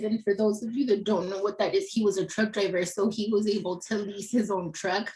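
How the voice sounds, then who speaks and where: A woman in her thirties giving an emotional personal testimony, halting with pauses and fillers and often clearing her throat. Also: mid-range voice, darkish tone, low-quality recording. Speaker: family member speaking on a webinar panel.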